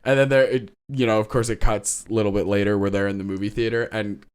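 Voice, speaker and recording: A podcast co-host, male, casually recaps a TV episode, tossing in lively asides, performing the characters' lines, laughing a lot and cursing occasionally. His voice sits fairly low and sounds clear and resonant, and he talks fast.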